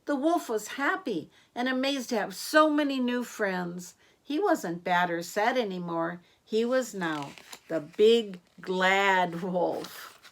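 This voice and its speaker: Brief: woman storyteller for children, unhurried read-aloud, questions to the listener. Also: mid-range voice, expressive. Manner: gentle, asks the listener questions.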